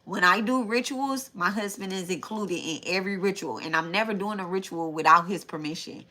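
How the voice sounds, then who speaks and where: A woman's voice: mid-range voice, fairly quick, sharp tone. A young adult woman hosting a live tarot stream, chatting casually and repeating herself as she talks straight to her viewers.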